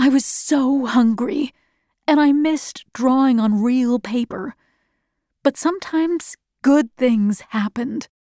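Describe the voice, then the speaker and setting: Woman reading a story out loud, slow and earnest, kinda high voice. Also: dry recording, studio quality. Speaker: narrator. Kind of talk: first-person storybook reading.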